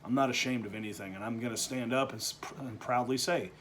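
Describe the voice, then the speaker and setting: Man, halting opinion monologue. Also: slight background noise. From Texas. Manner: halting, with frequent restarts and repeated words; swings between low, quiet stretches and loud, animated bursts. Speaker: vlogger.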